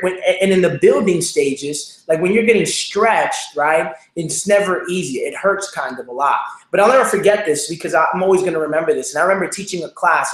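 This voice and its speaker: Earnest high-voiced man in an echoey room. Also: a bit bright. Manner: earnest, repetitive, with many fillers. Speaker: show host, speaker. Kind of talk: motivational personal story.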